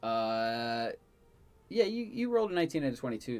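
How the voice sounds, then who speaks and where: A man running a tabletop game, describing scenes and calling for dice rolls in a halting way with plenty of fillers. His voice sits at a middling pitch, and faint music plays behind him. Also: sing-song, a little mellow. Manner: halting, with fillers, breaks off to thank donors. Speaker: dungeon master. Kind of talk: narrating a livestreamed tabletop game.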